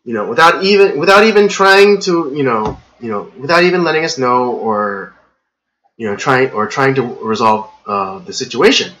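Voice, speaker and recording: A man's voice: medium pitch, expressive, moderate pace, pushed and bright, a little hiss or hum, low-quality recording. A man hosting a podcast live stream, rambling through a casual rant full of "you know" fillers and getting worked up. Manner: gets worked up and ranting. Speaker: podcast host.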